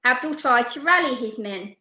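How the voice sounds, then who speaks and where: A woman reading a children's picture book aloud, lively and putting on voices for the characters. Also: a little high, moderate pace, echoey room, highs cut off. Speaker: storyteller.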